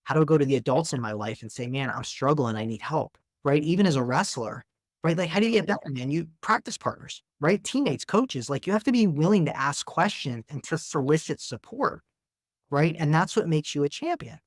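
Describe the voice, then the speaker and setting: A man's voice: fairly high pitch, expressive, fairly quick, dry recording. Guy in his 30s on a podcast, earnest chatty talk, keeps saying man and right, dry close sound. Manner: earnest and conversational, says "man" and "right?" often. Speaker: psychiatrist guest. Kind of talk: casual interview talk.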